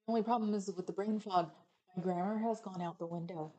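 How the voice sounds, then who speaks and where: A woman's voice: mid-range voice, steady tone, fast talker, dark tone, rough recording. A middle-aged woman from California hosting a livestream, chatting casually and reading viewer comments aloud. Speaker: livestream host reading chat. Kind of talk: casual rambling chat.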